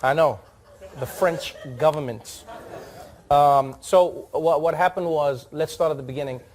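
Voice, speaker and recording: A man from South Africa, a talk show host, chatting casually with an audience and acting out voices as he tells a story. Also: a little slow. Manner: animated, acts out voices in high pitch. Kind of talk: casual stand-up style audience chat.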